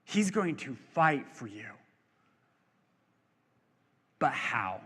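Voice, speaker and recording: A man's voice: medium pitch, sing-song, unhurried, pushed and bright, husky, big-room sound. A male pastor preaching a sermon in a church, in a conversational, joking way that asks the crowd questions. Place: church sanctuary.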